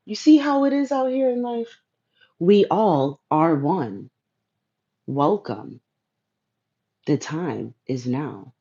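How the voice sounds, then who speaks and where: A woman's voice: on the low side, animated, slow pace, pauses often, dark tone, breathy edge, dull audio. A woman hosting a casual spiritual livestream, laid-back and playful, talking straight to viewers in her chat. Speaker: livestream host.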